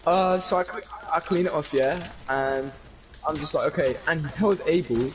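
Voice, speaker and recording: A young man, excitedly telling a story to friends in a casual, swearing, rambling way. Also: a little high, normal speed, noisy background. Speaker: gaming channel host. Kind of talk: animated storytelling chat.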